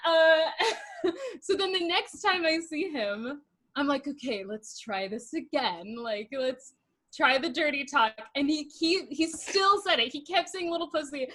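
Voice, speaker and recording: A woman's voice: animated, a little slow, a bit bright. A young woman hosting a podcast, telling stories in casual chat with lots of giggling and acted-out quotes. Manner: giggly storyteller, acts out quotes in a low voice. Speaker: podcast host.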